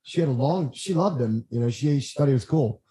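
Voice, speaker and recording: A man guesting on a podcast, telling stories in a lively, rambling way and acting out what others said. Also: mid-range voice, brisk, low-quality recording. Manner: animated, acts out quotes, frequent restarts. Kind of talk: casual storytelling chat.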